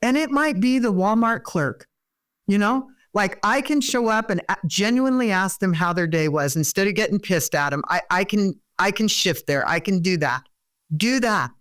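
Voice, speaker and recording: A woman's voice: mid-range voice, lively intonation, moderate pace. A middle-aged woman therapist, a podcast guest, talking earnestly and explaining with everyday examples. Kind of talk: conversational interview.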